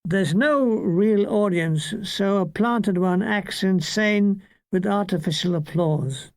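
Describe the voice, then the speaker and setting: Older man, comic memoir narration, wry, deadpan, very slow, dry recording. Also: sits high, no room sound. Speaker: author reading his memoir.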